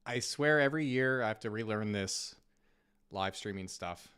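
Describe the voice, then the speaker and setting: Getting over a cold, a Canadian man sounds slightly scratchy as he hosts a casual finance Q&A on a live stream. His voice is lowish, smooth and a bit bright, his pace moderate, and his manner chatty and self-deprecating.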